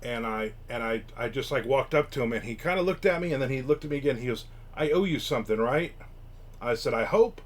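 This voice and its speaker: A man's voice: mid-range voice, fast talker, hardly any pauses. Chatty man telling convention stories. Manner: rambling, chatty, lots of fillers and restarts, quotes people in livelier voices. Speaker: author and vlogger. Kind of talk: casual storytelling monologue.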